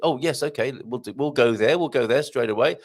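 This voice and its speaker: A man hosting a casual live stream, reading out viewer comments with playful, self-deprecating asides. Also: mid-range voice. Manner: chatty and jokey, with self-deprecating asides and quick laughs. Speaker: host of a live show.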